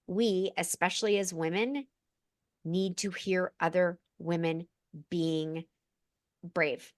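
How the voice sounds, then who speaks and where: A woman speaking as a podcast guest in an expressive, candid, effusive way. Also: lowish voice, no echo, studio quality. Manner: expressive, effusive, quick asides. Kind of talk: candid conversational chat.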